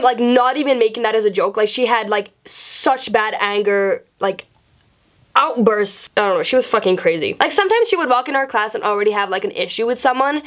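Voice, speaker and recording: A young woman vlogger telling a casual, profane story from school in a chatty, animated way. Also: on the high side.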